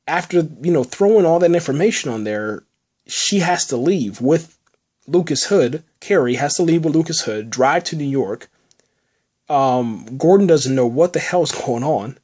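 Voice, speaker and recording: A man hosting a podcast, recapping a TV episode in a loose, excitable way, tossing in "man" and "you know" all the time. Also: mid-range voice. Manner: rambling, says "man" and "you know" constantly; excitable, enthusiastic about the show. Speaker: podcast host reviewing a TV episode. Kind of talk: casual spoken recap.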